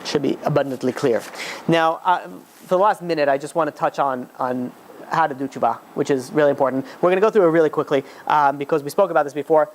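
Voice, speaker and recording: A man, a rabbi, giving an informal class in a conversational way, with many fillers and restarts, sometimes rising into high, emphatic urging. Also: quick pace. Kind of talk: informal Torah class lecture.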